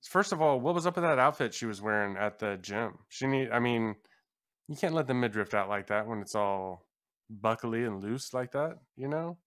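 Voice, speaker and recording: A man with an average-pitched voice co-hosts a podcast in a loose, joking way. He rambles and trails off, and now and then slips into mock voices. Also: lively intonation, normal speed, fairly bright tone. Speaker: podcast co-host. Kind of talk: casual comedic chat.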